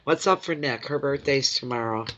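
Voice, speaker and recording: A man's voice: mid-range voice, normal speed, noisy background. A man with a runny nose from a cold, doing a chatty, rambling, emotional tarot reading on a live stream. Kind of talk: live card reading chat. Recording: dull lo-fi stream audio.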